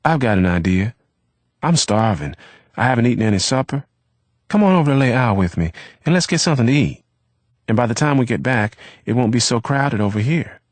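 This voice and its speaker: A man voicing an eager, lonely young American from the South, with a quick, eager delivery. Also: on the low side, lively intonation, no echo, voice pushed up. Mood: urgent.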